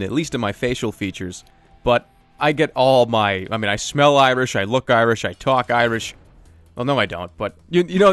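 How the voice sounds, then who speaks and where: A man answering viewer questions in a casual voice-over, joking and self-deprecating, talking in a lively, animated way. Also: medium pitch, no room sound.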